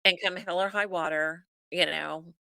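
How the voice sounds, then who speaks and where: A woman's voice: lowish voice, fairly even intonation, moderate pace, creaky, bright, forceful tone, dry recording. A middle-aged woman who is a podcast guest, chatting casually and acting out family dialogue as she tells a story.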